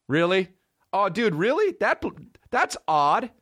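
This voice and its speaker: A man's voice: fairly low pitch, big pitch swings, normal speed, fairly bright tone, no echo, studio quality. A young man co-hosting a casual comedy podcast, reading personal ads aloud and mocking them in a crude, incredulous way. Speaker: podcast co-host.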